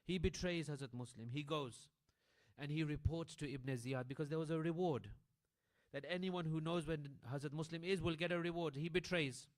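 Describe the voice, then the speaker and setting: Brief: man preaching a dramatic sermon, hushed to loud. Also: a little high, moderate pace. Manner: dramatic storytelling, swings between hushed and loud. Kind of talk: sermon narration. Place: community centre prayer hall.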